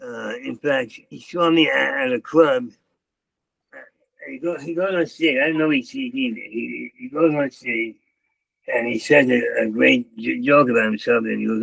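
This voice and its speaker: A man's voice: mid-range voice, animated, moderate pace, vocal fry, fairly bright tone, slightly rough, dry recording, poor audio. An older man, a comedian, telling stories in an interview with heavy stammering and repeated words. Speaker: comedian guest. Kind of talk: storytelling interview.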